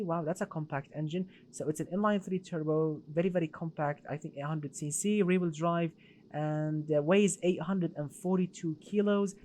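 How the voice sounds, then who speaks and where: A man's voice: on the high side, a little mellow. A man casually commenting on a racing game during a live stream, answering viewer comments with frequent restarts.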